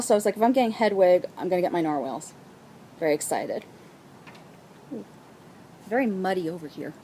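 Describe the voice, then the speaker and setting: Brief: young woman, chatty and excitable knitting vlogger, faint outdoor hiss behind. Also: medium pitch, rough recording. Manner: bubbly, gushing, chatty. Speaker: knitting podcast host. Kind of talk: casual chat.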